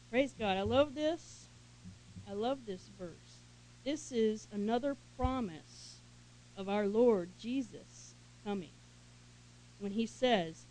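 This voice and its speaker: A woman leading a Bible study, reading scripture with emphasis and commenting in a relaxed, conversational way with small laughs. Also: mid-range voice, low-quality recording. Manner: reads scripture aloud emphatically, then comments in casual asides with small laughs.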